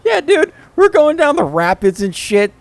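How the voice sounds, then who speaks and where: A man's voice: very high voice, wildly swooping pitch, moderate pace, no room sound. Joking man, dry close sound. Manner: profane, joking interjections. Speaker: podcast co-host. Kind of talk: casual banter.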